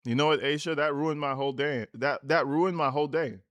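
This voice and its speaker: A man's voice: a little high, steady tone, brisk, fairly bright tone, dry recording. A man hosting a livestream, reacting to a clip with profane, slangy, mocking rants. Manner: slangy, casual. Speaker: livestream host.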